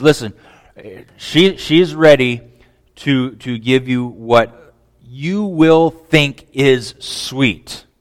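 A man preaching a sermon in animated style, often repeating words and asking the listeners questions. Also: a little high. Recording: long hall reverb.

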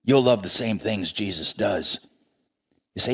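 A man's voice: measured pace, husky, no echo. A middle-aged male pastor preaching a sermon, telling a story with energy and acting out the voices of its characters. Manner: animated storytelling, acting out voices with big pitch jumps.

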